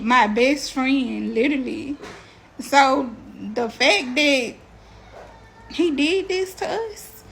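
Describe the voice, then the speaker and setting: Woman, emotional direct-to-camera talk, defensive and heated, pitched a bit high. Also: a bit bright. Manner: impassioned, defensive, speaks to viewers as y'all. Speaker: mother telling her story.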